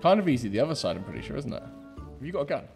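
A man's voice: medium pitch, sing-song, rapid-fire, creaky, loud music behind the voice. A man playing an online game with friends, mocking an angry kid in voice chat and laughing at him. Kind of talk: gaming voice chat.

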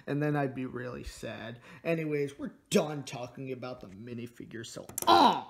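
A man's voice: medium pitch, normal speed, darkish tone. Teen guy rambling through a toy review on his phone, jokey, mumbles off at times. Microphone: phone camera.

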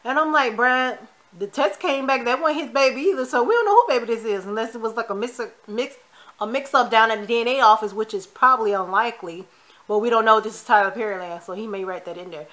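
Chatty woman going over last nights episode, kinda high voice, super bright tone, lots of opinions. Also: fast. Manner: chatty, opinionated retelling of scenes; quotes the characters in passing. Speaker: TV recap vlogger. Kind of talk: casual episode recap.

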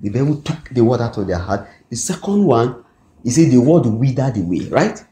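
A man with a Nigerian English accent preaching a sermon, often pausing to ask the congregation "what?" so they fill in the word. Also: medium pitch, sing-song, warm tone. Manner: call-and-response, asks the congregation "what?" to fill in words. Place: church hall. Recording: echoey hall recording.

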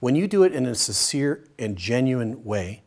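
A man teaching a Bible study session in a conversational, demonstrative way, acting out short everyday dialogues in a softer voice. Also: medium pitch, big pitch swings, moderate pace. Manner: demonstrative, uses a pen as a prop.

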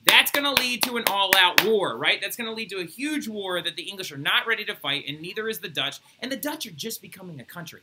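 A young man teaching a recorded history lecture, animated and easily worked up, who keeps checking in with his students by asking "right?". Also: sits high, a little fast, hardly any pauses, very noisy. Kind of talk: recorded flipped-classroom lecture.

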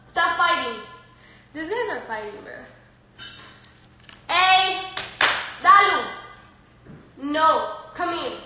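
A teenage woman chatting casually on a live stream, answering viewer comments in a brash, profane, playful way. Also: high voice. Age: teens. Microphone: phone. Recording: roomy, noisy phone live stream.

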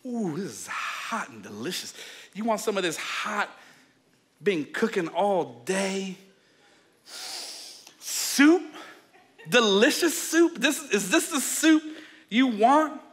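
A sly young schemer , as a man acts him out, dangles a pot of soup in front of his hungry brother. He teases and stretches out his words. The voice is high and sharp. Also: sing-song. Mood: teasing. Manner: teasing, drawn-out.

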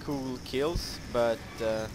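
A man's voice: medium pitch, very slow, over music. A young man giving live commentary over his own gameplay, frustrated, swearing and mocking his own skill in rambling talk.

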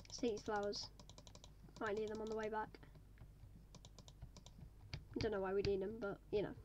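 A woman's voice: medium pitch, level tone, normal speed, darkish tone, slight background noise. A woman giving casual, chatty commentary to viewers while playing a game. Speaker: gaming video maker.

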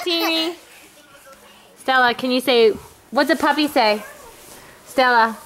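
Young mother, high voice, slow unhurried coaxing, scolding toddlers, noisy home video. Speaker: parent filming her small children.

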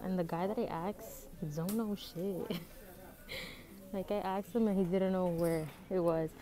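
A young woman from the Dominican Republic vlogging casually on a handheld phone in stores and on the street, talking in a blunt, profane, chatty way. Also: on the low side. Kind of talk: casual vlog narration. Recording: phone audio with loud public background noise.

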